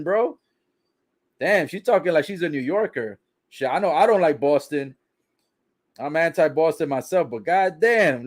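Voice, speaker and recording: Swearing, chatty man recapping wrestling. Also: a little high. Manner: swearing, laughing, chatty slang. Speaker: wrestling show reaction commentator. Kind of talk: casual recap of a wrestling broadcast.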